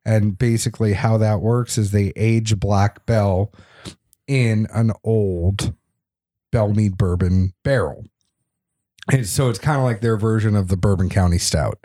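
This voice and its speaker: A man's voice: lowish voice, a little slow, warm tone. Man from the Boston area, middle-aged, chatty storyteller, easygoing podcast talk. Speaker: podcast guest. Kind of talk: casual podcast chat.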